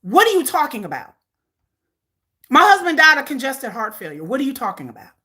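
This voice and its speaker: A woman's voice: sits high, huge pitch swings, brisk, pushed and bright. A woman, hosting a casual commentary live stream, blunt and combative, cussing freely.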